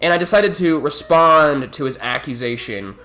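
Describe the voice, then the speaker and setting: A man's voice: on the high side, moderate pace, pushed and bright. A man telling a personal story in a profane, rambling storytime monologue. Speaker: storytelling vlogger.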